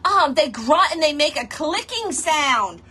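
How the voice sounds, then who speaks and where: A woman's voice: high voice, very animated, a little slow, pushed and bright. A woman hosting a casual craft tutorial, chatting playfully with her viewers as she works. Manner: playful, chatty, talks straight to viewers and chat, laughs often.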